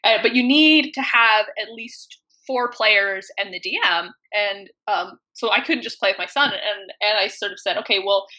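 Woman in her thirties, casual storyteller, animated, bright tone. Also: medium pitch, moderate pace, few pauses. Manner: animated, acts out quotes in voices, laughs often. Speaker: podcast guest.

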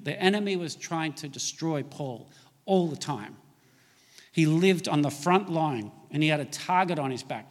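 A man's voice: on the high side, big-room sound. A man preaching a sermon as a pastor, pressing his points with emphatic, rising delivery.

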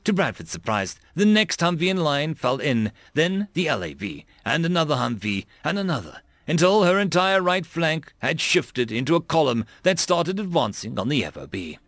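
A man reading military fiction as an audiobook narrator, in a lively, dramatic style. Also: on the high side, normal speed, few pauses, no room sound, studio quality.

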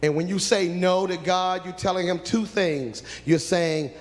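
A man's voice: high voice, a little slow, few pauses. Fervent preacher man in an echoing hall. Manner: swings from hushed to shouting, prays aloud, tells stories. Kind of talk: sermon.

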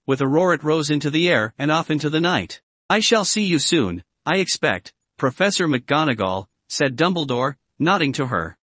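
A man reading a storybook aloud in a steady, expressive way, his voice sitting somewhat high for a man. The recording is dry and close, with no sense of a room. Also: dry recording. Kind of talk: audiobook-style story reading.

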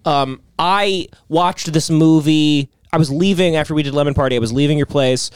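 A man co-hosting a casual podcast, telling rambling stories and jumping up in pitch when he quotes people. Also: normal speed, smooth, no echo, clean studio sound. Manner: animated storyteller, jumps in pitch when quoting people. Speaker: podcast co-host.

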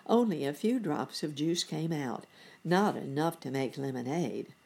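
A woman reading a bedtime story to children, with gentle chatty asides to the listener. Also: low-pitched, expressive, measured pace, creaky, breathy edge.

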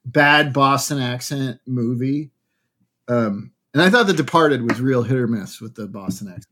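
A man's voice: mid-range voice, lively intonation, moderate pace, fairly bright tone, a little hiss or hum. Wry man in podcast chat. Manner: wry, joking asides. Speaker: actor.

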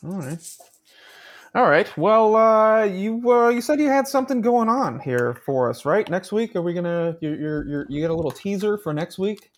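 A young man co-hosting a casual podcast, joking around and getting excited with his friend. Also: high-pitched, normal speed. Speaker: podcast co-host. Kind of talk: casual chat.

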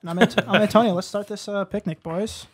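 A man hosting a podcast in casual chat, prompting his guests in a relaxed way. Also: sits high, a little fast. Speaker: podcast host.

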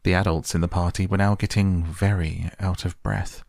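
A man narrating a children's audiobook in a measured, expressive reading voice. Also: low-pitched, gravelly, dry recording, clean studio sound.

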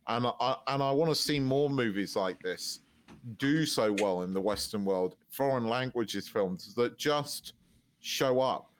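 A man co-hosting a casual podcast, speaking in a measured, thoughtful way. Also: medium pitch, slight background noise. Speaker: podcast co-host.

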